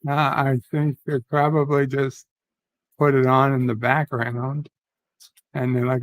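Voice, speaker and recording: A man's voice: mid-range voice, level tone, unhurried, poor audio. A man in easygoing, rambling casual chat as a guest on a livestream.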